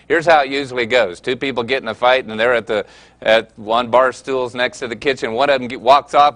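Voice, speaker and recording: A man with a middle-pitched voice gives a marriage-preparation lesson. He speaks in an earnest, folksy way and moves easily between teaching points and lively anecdotes. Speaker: counselor and teacher of a marriage course. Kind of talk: teaching session with storytelling.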